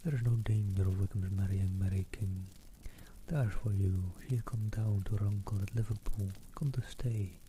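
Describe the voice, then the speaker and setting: A man reading aloud, softly voicing a giddy, boastful teenage girl. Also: fairly low pitch, fairly even intonation, moderate pace, slight background noise, natural voice. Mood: gossipy. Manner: soft, hushed reading voice.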